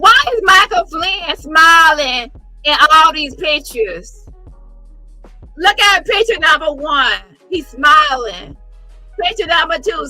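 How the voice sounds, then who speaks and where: High bright sassy woman commentator. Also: dry recording, poor audio. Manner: sassy, profane, mocking impressions. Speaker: commentary vlogger. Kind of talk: casual commentary on photos.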